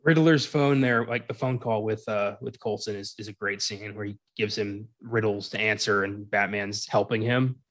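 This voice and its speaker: Man co-host, casual movie chat, laughs a lot, acts out lines from scenes in quick bits. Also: lowish voice, fairly even intonation, a bit bright. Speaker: podcast co-host.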